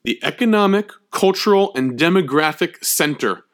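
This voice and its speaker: A man's voice: a little high, expressive, moderate pace, fairly bright tone. A man delivering a history lecture in a conversational, emphatic way. He stresses key points and keeps checking that his listeners follow. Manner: emphatic, checks in with frequent "okay?".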